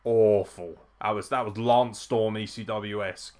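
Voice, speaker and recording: The host of this live wrestling watchalong is a young man with a lowish voice who speaks unhurriedly. Excited throughout, he swears often, laughing and shouting at times.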